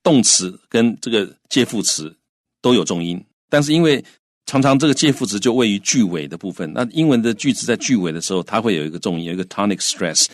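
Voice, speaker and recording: A man's voice: lowish voice, animated, fast talker, no echo, studio quality. A man co-hosting a bilingual English lesson, explaining grammar patiently with frequent fillers.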